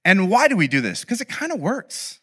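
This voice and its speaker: A man preaching a sermon, telling a self-deprecating story in an animated, humorous way to an audience in a large hall. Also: sits high, brisk. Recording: long hall reverb.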